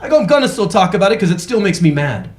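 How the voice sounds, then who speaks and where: A man's voice: high-pitched, sing-song, racing. A man performing a stand-up comedy set on a club stage, ranting through punchlines and acting out his friends' voices. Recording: echoey club room with crowd noise.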